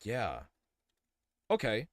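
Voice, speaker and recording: A man's voice: on the low side, huge pitch swings, drawn-out words, no room sound. Rambling young man streaming, dry close mic. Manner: rambling, thinks aloud with many fillers and restarts. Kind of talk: casual live-stream commentary while building.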